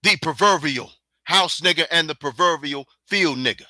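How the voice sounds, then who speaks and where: High, sharp-voiced man ranting heatedly. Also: normal speed, dry recording. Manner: heated, profane, taunting with repeated challenges. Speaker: podcast host. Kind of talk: angry solo podcast rant.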